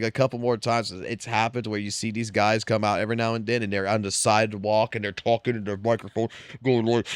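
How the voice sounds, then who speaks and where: A man's voice: mid-range voice, clean tone, dry recording, clean studio sound. A man and father streaming live, telling a long, profane, rambling story and laughing through it. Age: adult with wife and children.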